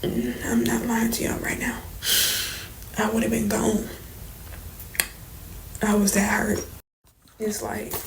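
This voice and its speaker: A young woman, speaking softly and shakily in an emotional storytime confession, holding back tears and sometimes dropping to near whispers. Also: medium pitch, gravelly, poor audio. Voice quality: soft, trembling at times, drops to near whispers. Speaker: vlogger. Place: indoors, late at night.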